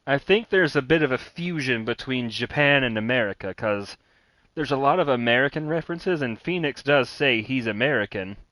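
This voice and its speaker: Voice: medium pitch, lively intonation, moderate pace, a bit bright, no echo. A streamer giving blunt, candid live game commentary, swearing freely. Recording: stream audio with game music behind.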